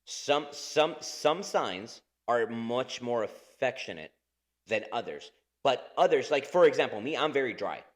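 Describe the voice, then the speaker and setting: A man's voice: medium pitch, animated, a little slow. A man in his thirties co-hosting a podcast in casual chat, rambling, swearing a lot and laughing often. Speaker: podcast co-host.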